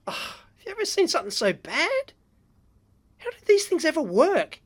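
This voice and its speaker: An Australian woman hosting an electronics vlog, giving blunt, excitable, unscripted commentary with frequent exclamations and fillers. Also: very high voice, moderate pace. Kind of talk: casual unscripted teardown commentary.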